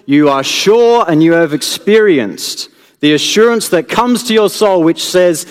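A man preaching a sermon in an earnest way, building to emphatic peaks and then dropping low and soft. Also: expressive, normal speed. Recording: long hall reverb.

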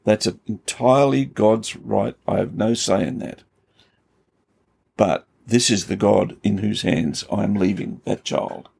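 A man with a low voice full of gravel and a husky, rough edge speaks as a pastor. He teaches scripture in relaxed conversation and builds emphatic intensity as he tells the story. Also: a little slow.

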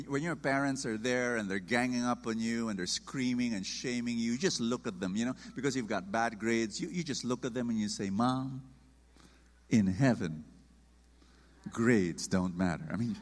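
Man, sermon, animated, emphatic, bright tone, long hall echo. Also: mid-range voice, a little fast. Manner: animated, emphatic, acts out quotes. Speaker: preacher.

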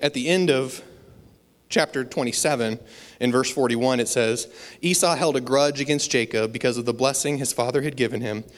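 A man giving a casual, storytelling sermon, with fillers and self-deprecating asides. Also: medium pitch. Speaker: preacher. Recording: long hall reverb.

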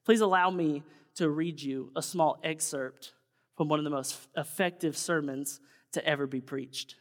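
A male pastor preaches in a folksy, conversational way that deepens into earnest conviction. His voice sits fairly high for a man. It carries a long reverb through a church sanctuary. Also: normal speed. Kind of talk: sermon.

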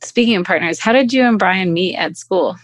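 A woman's voice: medium pitch, a little fast, no room sound. A woman hosting an interview, asking short questions and reacting briefly. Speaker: interviewer host.

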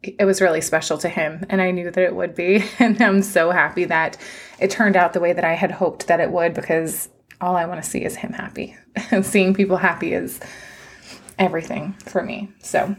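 Woman, 30s, podcast host: low, flat, fry-heavy delivery; gushing, emotional, rambling solo chat. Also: normal speed. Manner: warm, gushing and emotional, talks in long run-on stretches. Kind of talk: casual solo podcast update.

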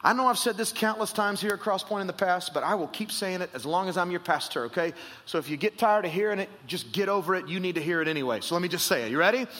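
A male pastor delivers a sermon in a high, bright, forceful voice. He preaches with emphasis and builds to raised intensity. The sound carries the long reverb of a large church hall.

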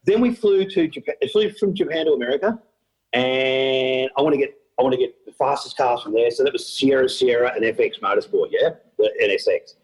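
On a rough recording, a medium-pitched middle-aged Australian man who organizes events tells stories during an interview. He narrates with animation, laughing frequently and acting out people's words.

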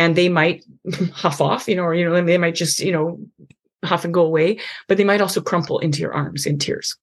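Earnest woman with a gravelly, husky low voice. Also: animated, fairly quick. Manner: earnest, many restarts and tag questions. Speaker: podcast host. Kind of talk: conversational advice on faith and parenting.

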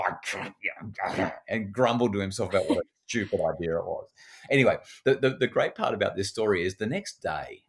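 A middle-aged Australian man with a somewhat low voice tells stories about parenting in easy conversation. He slips into the voices of the people he quotes and often repeats a word or two before a sentence gets going. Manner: animated, acts out quoted voices, repeats words when starting sentences. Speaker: parenting educator. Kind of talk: conversational storytelling.

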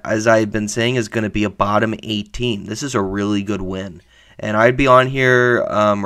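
Male podcast host with a lower voice, slightly hoarse; loose, filler-heavy fan commentary. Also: a bit bright. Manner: rambling, with many fillers and self-corrections; enthusiastic about his team. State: slightly hoarse from a sore throat. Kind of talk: casual sports reaction podcast.

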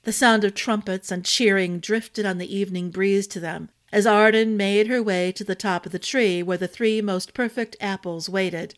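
A woman storyteller reading a fantasy novel aloud in a steady, expressive narration. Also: mid-range voice, normal speed, hardly any pauses.

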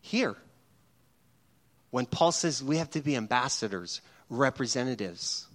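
A middle-aged man preaching a sermon as pastor, animated and humorous, often acting out little scenes. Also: mid-range voice, unhurried.

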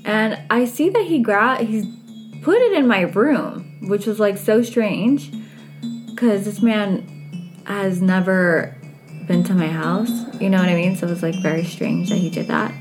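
A woman's voice: medium pitch, a little slow. A young woman casually telling a personal story, chatty, full of "like" and quoting what people said. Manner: chatty, heavy use of "like", quotes herself and others. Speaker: storyteller recounting a date. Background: music.

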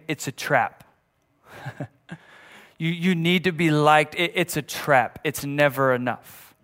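A man preaching a sermon as a pastor in a conversational way, often restarting and repeating phrases, building to emphatic passages. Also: medium pitch. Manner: rises to emphatic, louder passages.

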